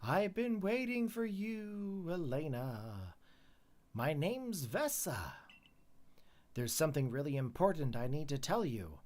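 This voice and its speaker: Earnest young woman with dire news read by a streamer, slow and pleading, lively pitch. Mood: urgent.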